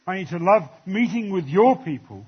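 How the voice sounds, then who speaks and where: A male pastor with a slightly raised, husky voice delivers a sermon in conversational tones, reading verses aloud to his congregation. The church recording sounds dull and lo-fi. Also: high voice, expressive, moderate pace. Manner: conversational preaching, quoting scripture.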